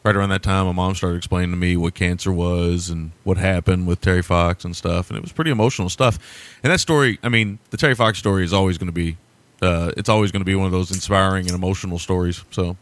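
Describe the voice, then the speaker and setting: Casting: man, lowish voice, loose profane movie-podcast host, dry close sound. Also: fast talker, dry recording. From America. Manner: rambling, profane, laughs often. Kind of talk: casual movie chat.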